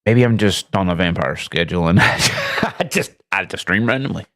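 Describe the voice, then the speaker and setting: A man hosting a casual live stream, loudly greeting his chat with rambling, profane, self-mocking asides. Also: lively intonation, moderate pace. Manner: greets chat loudly with big swooping pitch jumps. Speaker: livestream host.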